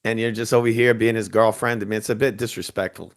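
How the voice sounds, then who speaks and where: A man's voice: fairly low pitch, steady tone, fast talker. A man co-hosting a casual boxing podcast, blunt and teasing with a joking edge. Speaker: podcast co-host.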